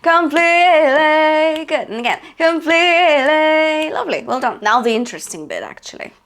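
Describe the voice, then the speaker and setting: Woman, vocal coach, singing lesson, higher voice, encouraging, sings short demonstrations. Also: wildly swooping pitch, fast talker, creaky, a bit bright, faint music behind. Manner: encouraging, demonstrates sung phrases between explanations.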